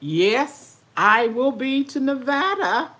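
A woman's voice: sits high, animated, slow, a bit bright. An older woman, chatting casually with viewers while eating, folksy and talkative. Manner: folksy, chatty, talks with mouth full. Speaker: vlogger.

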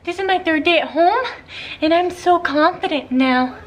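A proud young puppy boasts in a high, bubbly baby-talk voice, as a woman puts him on. The pitch jumps well above an ordinary speaking voice, and he sounds excited and pleased with himself. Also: normal speed.

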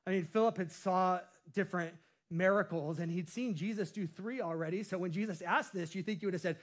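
A man's voice: high voice, a little fast. A male pastor preaching a sermon with a playful style, cracking jokes and laughing at himself.

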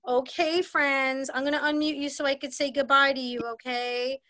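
High-voiced lady running an online kids dance class, slow n cheery, dry sound. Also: flat delivery, bright, forceful tone, no echo. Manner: cheerful, slow and sing-song with small children. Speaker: children's dance teacher. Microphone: video call.

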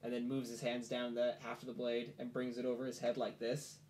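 Male game master, casual and halting, mid-pitched, faint room noise. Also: completely flat delivery, darkish tone. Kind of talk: narrating a tabletop game.

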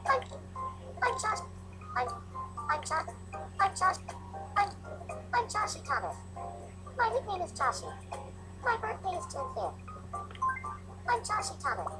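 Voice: very high-pitched, very animated, measured pace, long pauses, pushed and bright, soft background music, heavily acted, low-quality recording. A text-to-speech voice from a game speaking as a chirpy synthetic character, robotic and sing-song.

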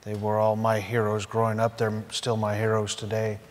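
A middle-aged man answers a question earnestly, stumbling over repeated words. His voice is fairly low and stays flat. A long hall echo hangs around it. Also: normal speed. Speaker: panelist, Medal of Honor recipient. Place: auditorium panel. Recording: echoey hall sound.

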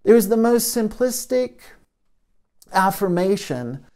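A man, a trauma therapist, gently giving a self-help talk to camera into a microphone, soft-spoken with many pauses. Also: high voice, sing-song. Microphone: studio microphone.

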